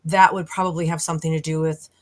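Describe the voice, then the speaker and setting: Woman guest explaining stuff earnestly, lowish voice, hunts for words. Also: level tone, quick pace. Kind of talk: casual chat.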